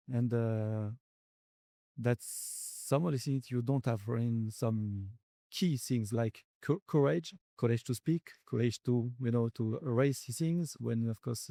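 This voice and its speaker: A man with a French accent and a mellow, soft-edged tone, speaking English as a second language. He answers interview questions slowly and haltingly, pausing often to find his words. The recording is close and dry, with little room sound. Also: medium pitch, gravelly, no room sound. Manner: halting, searching for words with many pauses. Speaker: company founder and guest. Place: conference venue.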